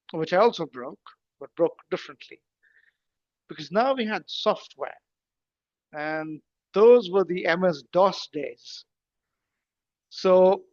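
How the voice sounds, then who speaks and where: A man, speaking as a guest. He talks conversationally, explains things step by step, and throws in rhetorical questions and lively asides. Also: high voice, no echo, highs cut off. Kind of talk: conversational talk in an online session.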